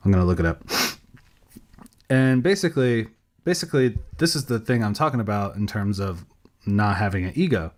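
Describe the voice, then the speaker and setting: A man's voice: on the low side, expressive, normal speed, darkish tone. A sleep-deprived man co-hosting a podcast by himself, rambling casually, losing his thread and laughing at himself. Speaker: podcast co-host.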